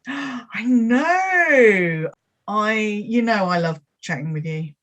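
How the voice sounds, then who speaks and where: A woman hosts a friendly, meandering chat over a video call, turning now and then to address viewers. Her voice sits at an ordinary middle pitch. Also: lively intonation, extremely slow, fairly bright tone. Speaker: host. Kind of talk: casual chat.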